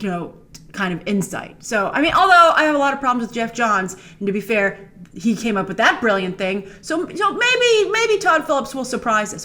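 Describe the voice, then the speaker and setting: A woman hosting a movie news channel, giving opinionated, emphatic commentary to camera. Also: a little high. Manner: animated, emphatic, critical. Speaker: host.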